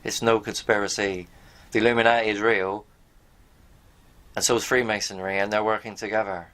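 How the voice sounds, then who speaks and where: A video host with a lowish, slightly bright voice talks a little fast in a level tone. He reads from pages on screen and offers his viewers rambling, blunt commentary, swearing now and then.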